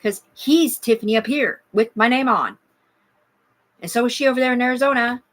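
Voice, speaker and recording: A woman's voice: fairly high pitch, a little fast. A woman talking to her livestream in a rambling, agitated, heavily profane rant.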